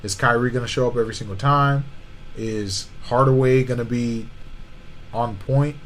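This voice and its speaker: A man's voice: mid-range voice, fairly even intonation, normal speed, a little hiss or hum, low-quality recording. A man co-hosting a podcast, arguing about basketball in casual slang and often saying "you know what I'm saying". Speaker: podcast co-host. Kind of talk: casual sports debate.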